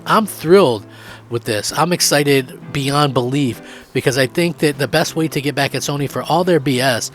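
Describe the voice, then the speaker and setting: An eager man talks through his gaming opinions in a rambling way, full of fillers and loose restarts. His voice sits at a middle pitch. A faint music track plays quietly underneath him. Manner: excited, rambling, many fillers. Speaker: gaming channel host. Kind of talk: opinion commentary.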